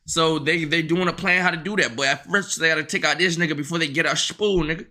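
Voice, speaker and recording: A man's voice: on the high side, fairly even intonation, fast talker. A man streaming live, reacting to a video in casual, profanity-heavy slang. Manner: profane slang, loud banter.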